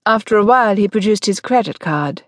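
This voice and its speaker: A woman narrating a contemporary romance audiobook in a measured storytelling voice. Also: mid-range voice, expressive, no room sound, studio quality. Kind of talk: scripted narration.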